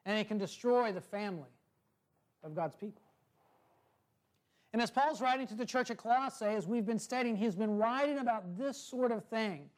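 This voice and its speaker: A high-voiced man preaches a sermon, telling a story and reading from scripture. He speaks slowly and deliberately, letting his phrases fall away softly at the ends.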